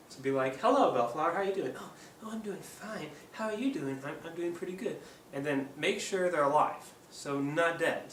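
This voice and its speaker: Hosting a casual tutorial, an Oregon puppeteer talks in a fairly bright, middle-pitched voice, meandering and unsure, pausing for lots of ums. A distant mic picks him up in an echoing room, a faint hum audible behind.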